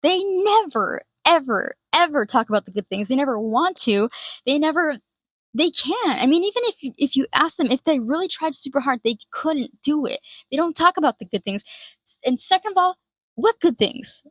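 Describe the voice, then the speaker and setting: A woman's voice: high-pitched, sing-song, moderate pace, a bit bright, no echo. A woman giving a profane, sarcastic reaction commentary, swearing often and mocking others in put-on voices.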